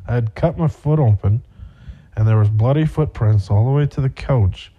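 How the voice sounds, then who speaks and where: A young man hosts a podcast, spinning a rambling, profane personal story packed with fillers in a casual monologue. His voice is medium-pitched and warm with a slight roughness, delivered at normal speed over dull-sounding audio.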